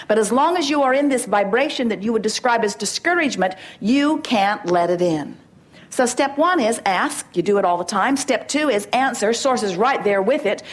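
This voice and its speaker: A middle-aged woman giving an emphatic inspirational talk to a gathering, acting out little dialogues to make her points. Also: mid-range voice. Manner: emphatic, playful, acts out dialogues. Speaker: spiritual teacher.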